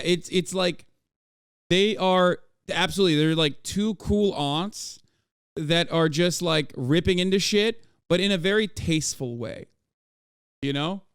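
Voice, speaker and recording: A man reacting to podcast clips on a livestream, rambling excitedly and swearing freely. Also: on the high side, smooth, no echo, clean studio sound.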